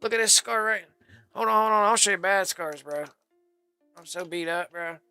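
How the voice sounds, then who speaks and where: A man's voice: high voice, normal speed, sharp tone, clean tone, no room sound, faint music behind. A man rambling through a casual, profane story on a live stream, saying "bro" constantly.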